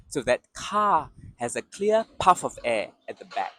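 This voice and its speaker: A man teaching pronunciation patiently, speaking slowly and drilling repeated syllables. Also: medium pitch, big pitch swings, sharp tone. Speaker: Mandarin teacher. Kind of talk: slow pronunciation lesson.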